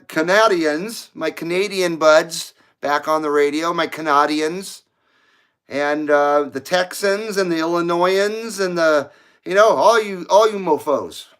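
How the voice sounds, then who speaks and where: Middle-aged American male host, slightly higher voice, loose rambling livestream chatter. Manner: rambling, chatty, laughs at own jokes. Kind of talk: casual livestream chat.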